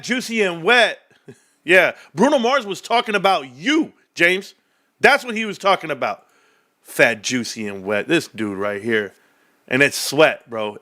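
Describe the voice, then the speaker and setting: Brash streamer guy ranting, bright sharp voice, trash talk n laughs. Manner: brash trash-talking, swings between hyped and low muttering; laughs often, does mock voices. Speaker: stock streamer. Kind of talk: casual livestream rant.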